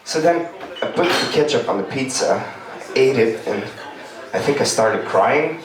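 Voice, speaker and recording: A man's voice: medium pitch, animated, unhurried, a crowd in the background. A man from Romania, doing stand-up comedy on a club stage in a loose, rambling storytelling way. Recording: echoey room, distant mic.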